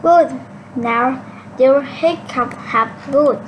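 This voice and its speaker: A woman doing shadowing practice, slowly and haltingly repeating cartoon lines with small slips. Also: sits high, faint music behind. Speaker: English learner. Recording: noisy home recording.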